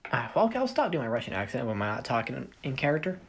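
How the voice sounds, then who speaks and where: A woman's voice: a bass voice, very animated, very fast, few pauses, slightly rough. A woman explaining the setup of her fan story in a casual, rambling way, often stopping to correct herself. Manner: rambling, self-correcting, thinking aloud. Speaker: fanfiction storyteller.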